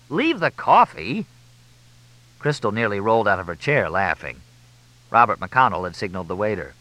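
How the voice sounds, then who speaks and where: A man reading a comic mystery novel aloud in a crisp, expressive way. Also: lowish voice, poor audio. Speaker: audiobook narrator. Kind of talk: audiobook narration of a comic mystery.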